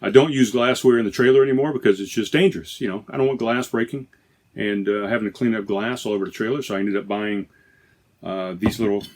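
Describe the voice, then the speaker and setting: A man's voice: mid-range voice, darkish tone. A man hosting a podcast in casual chat, rambling and correcting himself as he talks from inside a trailer. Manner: rambling, self-correcting, chatty. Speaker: podcast host. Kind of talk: casual beer-tasting chat.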